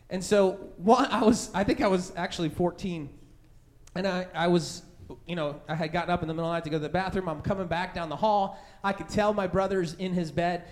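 A man's voice: sits high, steady tone, fairly quick. A man preaching a sermon in a conversational way, telling a childhood story and acting out the voices of scared people. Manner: conversational, many fillers like "right?" and "like". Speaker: pastor.

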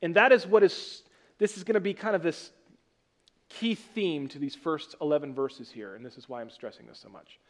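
A man's voice: a little high, moderate pace. A man preaching a sermon as pastor, teaching from scripture with casual joking asides to the congregation.

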